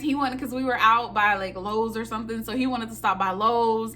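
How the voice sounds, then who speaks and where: A young woman telling a story on her vlog, animated and dramatic, talking straight to her viewers and acting out her own loud high-pitched reactions. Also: brisk, few pauses. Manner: talks straight to viewers, calling them y'all. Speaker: nursing student vlogger.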